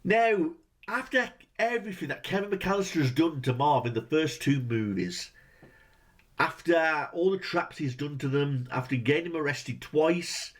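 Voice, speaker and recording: A man's voice: a little high, normal speed. A man ranting through a movie review, exasperated and swearing heavily, firing off rhetorical questions.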